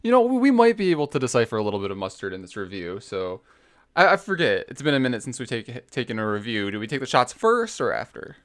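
A man's voice: medium pitch, very animated, quick pace, a bit bright. A man co-hosting a casual gaming podcast, easygoing and a bit hesitant as he leads into listener mail. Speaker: podcast co-host. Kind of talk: casual chat.

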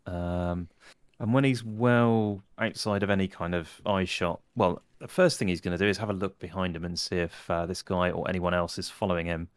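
Low-voiced man playing a tabletop game. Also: normal speed, smooth, no echo. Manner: relaxed, wry, talks in character. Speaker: player. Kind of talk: tabletop role-play, casual.

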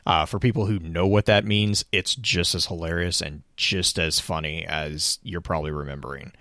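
A man's voice: low voice, fairly even intonation, moderate pace, pushed and bright, no room sound. A man co-hosting a podcast in casual chat, talking enthusiastically and rambling with frequent restarts. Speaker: podcast co-host.

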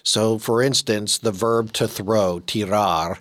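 A man interviewing a guest, asking measured, thoughtful questions with some hesitation. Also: lowish voice, fairly even intonation, fairly bright tone, no room sound, clean studio sound.

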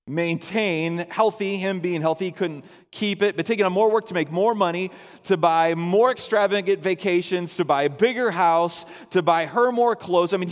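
A man's voice: high-pitched, in a large hall. A man preaching a sermon, telling a story and acting out the people in it in quoted voices. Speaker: pastor.

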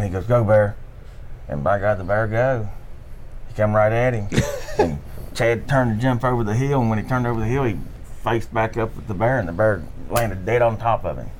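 A man telling hunting stories in a casual chat at camp, animated and laughing often. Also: lowish voice, a little hiss or hum. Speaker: podcast guest. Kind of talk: casual storytelling. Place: camp room, at night.

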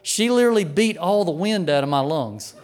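A middle-aged male pastor telling a childhood story in a sermon, folksy and animated, chuckling as he goes. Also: sits high, brisk.

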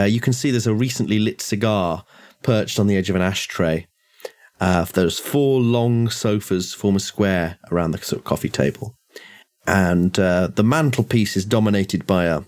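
A man narrating a tabletop horror game as game master, describing scenes in a relaxed way. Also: fairly low pitch.

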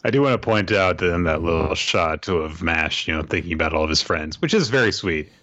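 A man co-hosting a casual podcast, joking along in a lively way. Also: low-pitched, a little fast, no room sound, lo-fi sound. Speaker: podcast co-host. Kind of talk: casual chat.

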